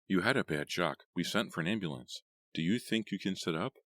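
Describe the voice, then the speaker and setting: Man putting on a soft calming lady teacher in a horror audiobook. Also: low voice, a little fast, dry recording, studio quality. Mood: reassuring. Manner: soft, reassuring. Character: caring adult woman teacher, reassuring.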